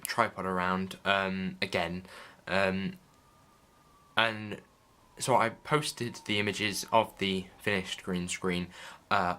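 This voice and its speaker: A man's voice: low voice, sharp tone. A man vlogging behind the scenes in a casual, rambling way, with many fillers and restarts. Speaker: vlogger, filmmaker.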